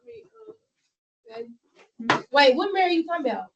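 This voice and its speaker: A woman's voice: very high voice, sing-song, normal speed. A woman student in a classroom spelling lesson, chatty and easily distracted, often joking. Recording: far from the mic, muffled, loud noise.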